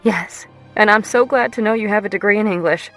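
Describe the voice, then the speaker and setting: A woman voicing a hurt, sharp-tongued young woman who shouts and gets sarcastic. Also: medium pitch, brisk, lightly acted. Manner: shouting over club music, sarcastic.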